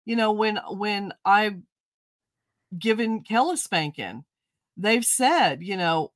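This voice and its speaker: A woman's voice: medium pitch, animated, slow pace, long pauses, dry recording. A middle-aged woman hosting a crafting show, chatting casually and telling folksy stories. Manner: chatty, storytelling, folksy turns of phrase. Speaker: host.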